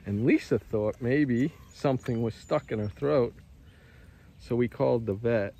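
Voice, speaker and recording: A man's voice: medium pitch, a little slow, gravelly, dark tone. A man chatting casually outdoors on his farm, easygoing and laughing often as he films on a phone. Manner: easygoing, laughs often, speaks animals' thoughts. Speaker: farm owner. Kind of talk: casual farm vlog chat.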